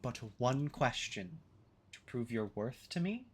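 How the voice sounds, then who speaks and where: A man voicing an ancient, mouthless vine spirit in a tabletop game, speaking slowly and with cool menace. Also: medium pitch, big pitch swings, slight background noise. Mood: menacing. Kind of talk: tabletop game role-play.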